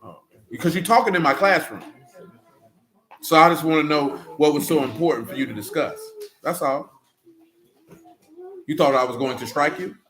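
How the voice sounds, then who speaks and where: A Bible teacher leads an interactive study with a group in a classroom, conversational and call-and-response, with teasing asides. His voice is on the high side and fairly bright, at normal speed with long pauses.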